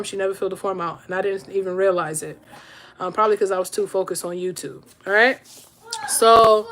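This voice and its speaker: With a mid-range, fairly bright voice over a faint hiss or hum, this thirtysomething podcaster narrates a story casually to camera. She keeps looping her viewers in with frequent "right?" and "all right?".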